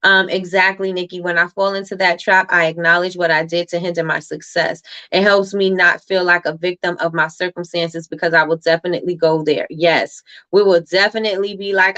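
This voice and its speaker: A woman's voice: lowish voice, steady tone, brisk, hardly any pauses, pushed and bright, lo-fi sound. A woman hosting a motivational livestream, talking emphatically, repeating phrases for effect and reading viewer comments aloud. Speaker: livestream host.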